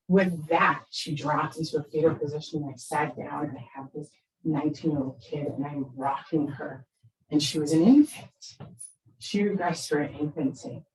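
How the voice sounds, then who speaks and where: Middle-aged lady telling parenting stories, animated, kinda low voice, far off the mic. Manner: animated, conversational, tag questions. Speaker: parenting speaker. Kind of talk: storytelling talk. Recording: echoey room, distant mic.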